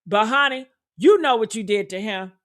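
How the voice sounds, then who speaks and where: A woman's voice: fairly high pitch, moderate pace. A woman giving reaction commentary in an emphatic, repetitive way, calling listeners honey and baby. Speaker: commentary creator.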